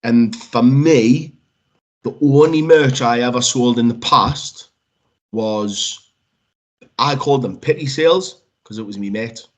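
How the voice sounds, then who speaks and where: A man's voice: mid-range voice, takes it slowly. Storytelling man, swearing freely. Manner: lively storyteller, swears freely, acts out quotes. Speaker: wrestler guest. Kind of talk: casual podcast chat.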